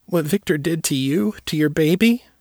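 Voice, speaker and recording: A man's voice: a little high, moderate pace, darkish tone, no room sound, studio quality, voice pushed up. Man putting on a shaken young woman. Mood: distressed. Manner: shaken, pleading. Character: young woman, tearful troubled student.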